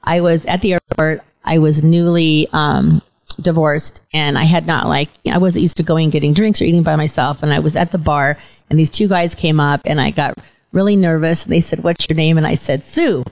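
A middle-aged woman hosts a relaxed talk show, her voice sitting a little low. She chats easily and tells stories, now and then catching on a stutter. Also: brisk, poor audio. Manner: chatty, warm storytelling with occasional stutter. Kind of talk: casual interview chat.

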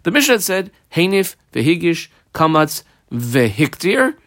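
Lively man explaining a Talmud text. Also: fairly high pitch, measured pace, no room sound, clean studio sound. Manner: reads Aramaic text aloud, then explains it in English; lively, asks rhetorical questions and answers them. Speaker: Talmud teacher.

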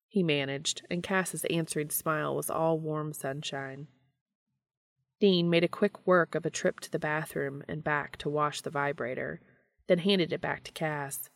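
A woman narrating a story aloud in a steady, even reading voice. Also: low-pitched, unhurried, creaky, no echo. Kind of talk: audiobook reading of fan fiction.

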